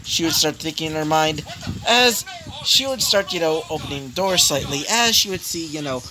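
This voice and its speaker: A man's voice: a little high, expressive, normal speed. A young man improvising a fan story aloud, rambling with many fillers. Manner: rambling, full of 'you know' and 'basically'.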